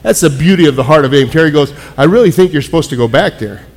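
A man preaching to a congregation, telling personal stories in an animated way with frequent restarts. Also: a little high, quick pace. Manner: animated storytelling, many restarts. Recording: echoey hall with long reverb.

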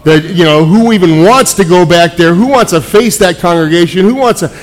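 A man preaching to a congregation, telling personal stories in an animated way with frequent restarts. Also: high voice, fairly quick. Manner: animated storytelling, many restarts. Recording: echoey hall with long reverb.

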